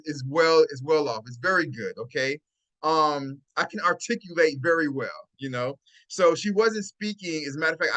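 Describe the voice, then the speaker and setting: On a casual live stream about dating advice, a man with a bright, slightly high voice talks into his phone. His chat is loose, he keeps asking "right?" to check in, and he laughs a lot as he goes.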